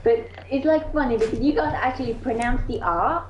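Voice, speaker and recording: A woman's voice: a little high, brisk. A woman, co-hosting a casual podcast and rambling through points with many restarts. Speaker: podcast co-host. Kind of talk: casual group chat. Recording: roomy echo, dull lo-fi mic.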